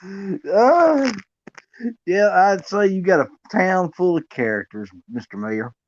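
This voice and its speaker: A man's voice: sits high, animated, slow pace, dry recording, dull audio. A man hosting a casual interview, easygoing as he reacts to stories and asks questions. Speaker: interview host.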